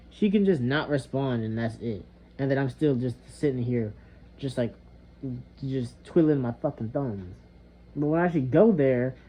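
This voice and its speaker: A man's voice: medium pitch, breathy edge. A young man venting in a casual monologue, rambling and frustrated, swearing often and trailing off into mutters. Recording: slightly dull lo-fi recording with faint background noise.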